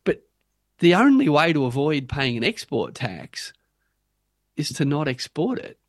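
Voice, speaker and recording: A man with an Australian accent, speaking as an interview guest in an animated, emphatic way and building his point with punchy rhetorical lines. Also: a little high, unhurried, no echo, studio quality. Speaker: guest policy advocate. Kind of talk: interview, arguing for a policy.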